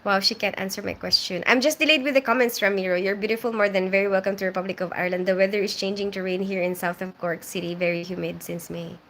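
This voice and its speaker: On her casual live stream, a young Filipino-raised woman reads comments aloud and answers them, chatty and filler-heavy. She talks fast with hardly any pauses, in a mid-range, fairly even, slightly bright voice.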